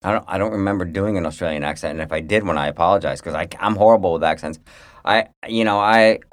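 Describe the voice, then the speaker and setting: Male podcast co-host, very low voice, blunt, grumbly and profane, close dry mic. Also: fast, no echo. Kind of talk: casual chat.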